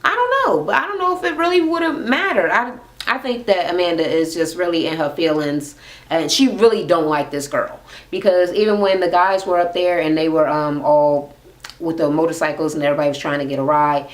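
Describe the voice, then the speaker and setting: A woman's voice: lowish voice, fairly quick. Chatty woman recapping reality TV. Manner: chatty, profane, gossipy. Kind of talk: casual chat recap.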